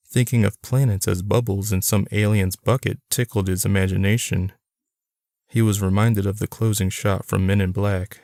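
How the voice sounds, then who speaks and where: A man narrating an audiobook in a plain, steady reading. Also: deep voice, vocal fry, dry recording, clean studio sound. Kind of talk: scripted narration.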